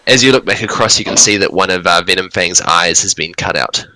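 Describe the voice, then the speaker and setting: A man narrating as game master in a casual, halting way, with many fillers. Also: deep voice, sharp tone, dry recording, poor audio. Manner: casual, hesitant, lots of fillers.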